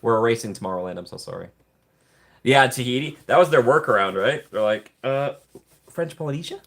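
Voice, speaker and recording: A man's voice: mid-range voice, lively intonation, brisk, creaky, a bit bright. A man hosting a casual livestream, rambling and joking while he reads viewer chat. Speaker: livestream host.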